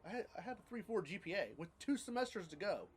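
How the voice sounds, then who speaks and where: A man's voice: high voice, big pitch swings, fast, breathy edge. A man in his thirties casually telling his life story on a podcast, rambling and blunt, with casual swearing.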